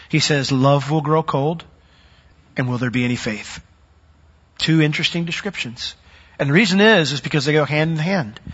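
A man preaching a sermon in a bright, husky voice that rises high when he acts out the people in his story. He preaches in an animated way. The recording sounds dull and lo-fi. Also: long reverb tail.

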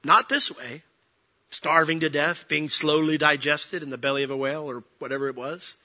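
A man preaching a sermon as pastor, lively and acting out the people he quotes. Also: a little high, moderate pace, highs cut off. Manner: animated, acts out quoted voices.

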